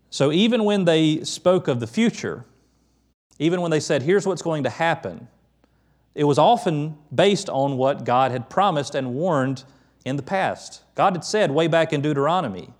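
A middle-aged pastor giving a conversational sermon, quick to lift his voice when quoting the prophets. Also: medium pitch, lively intonation.

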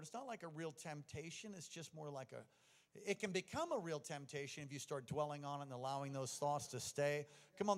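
A middle-aged man preaching a sermon, telling personal stories and moving from hushed confession to stirring exhortation. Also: fairly high pitch. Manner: personal storytelling that swings from quiet to exhorting. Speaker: pastor. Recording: long reverb of a large hall.

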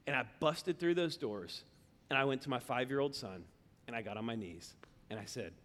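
A man in his thirties preaching a sermon as pastor, telling a story with big swings from shouting to hushed remorse. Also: medium pitch, animated, normal speed. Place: church sanctuary. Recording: reverberant church hall.

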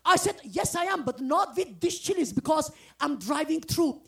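A woman from the former Soviet Union preaching a testimony sermon, exuberant and earnest, often breaking into shouts and sung phrases. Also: high voice, sing-song, normal speed, vocal fry. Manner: earnest, pleading exhortation. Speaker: guest preacher.

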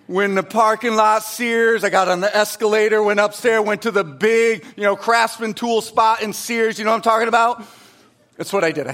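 A middle-aged male pastor preaching a sermon, swinging from loud, emphatic lines to hushed, quiet asides. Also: high voice.

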